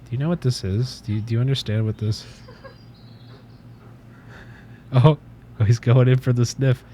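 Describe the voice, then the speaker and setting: A man's voice: medium pitch, slow, dark tone, a little hiss or hum. A man hosting a casual livestream from his desk at home, rambling, swearing offhandedly and cooing at his cat. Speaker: livestream host.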